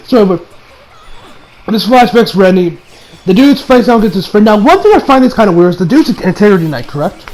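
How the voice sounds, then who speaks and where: A man giving a casual recap and review of an anime episode, animated and exasperated, laughing and swearing as he talks. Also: high-pitched, brisk, rough recording.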